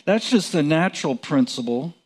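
A man teaching from the Bible in a relaxed, conversational way, chuckling and restarting his sentences. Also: on the high side, moderate pace, breathy edge. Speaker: preacher.

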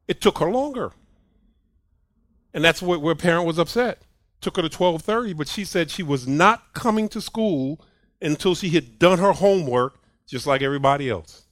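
A man preaching a sermon on a clip-on mic, emphatic and repetitive, swinging from soft asides to loud declarations. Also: a little high, lively intonation, moderate pace, no echo. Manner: emphatic, punches points with "period" and repeats lines.

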